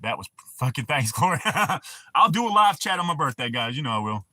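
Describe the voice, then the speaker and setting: A man's voice: mid-range voice, big pitch swings, fairly quick, bright, forceful tone, no echo. A man hosting a livestream, telling profane, rambling stories in casual talk and answering his chat. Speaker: livestream host.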